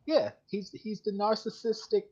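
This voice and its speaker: A man's voice: sits high, fairly even intonation, moderate pace, a little mellow. A man hosting a live collectibles show, talking casually in a rambling, chatty way and laughing often. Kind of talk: casual live-stream chat. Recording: dull lo-fi stream audio.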